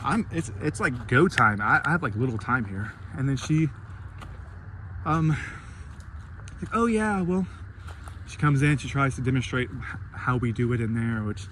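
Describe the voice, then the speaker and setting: A man's voice: mid-range voice, expressive, moderate pace, pauses often, a bit bright, slight background noise. Rambling, cursing man venting in a vlog. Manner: rambling and profane, acting out his own reactions. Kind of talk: casual rant vlog.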